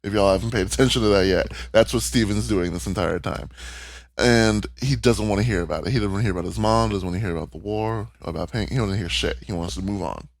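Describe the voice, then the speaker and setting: Man, podcast co-host, low pitch, candid, emotional, casual chat, swears. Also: fast, gravelly, dry recording. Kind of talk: casual chat recapping a cartoon.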